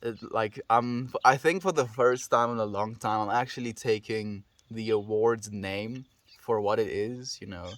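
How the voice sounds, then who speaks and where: A South African man chatting casually on a live stream, gently thanking viewers and answering their messages. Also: fairly low pitch, unhurried, hardly any pauses, dry recording. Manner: gentle, affectionate, reads out and answers chat messages. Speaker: livestreamer.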